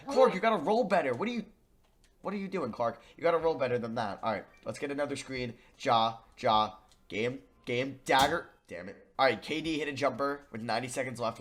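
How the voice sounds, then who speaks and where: A young man commentating his own basketball video game, muttering plans and then shouting at the plays. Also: mid-range voice. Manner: excitable, swings from muttering to yelling. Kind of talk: gaming commentary.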